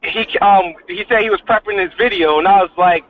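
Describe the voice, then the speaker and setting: A man telling his side of a heated argument in halting, profane casual talk, often repeating himself. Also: high-pitched. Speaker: guest in a dispute. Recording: tinny phone-like call audio.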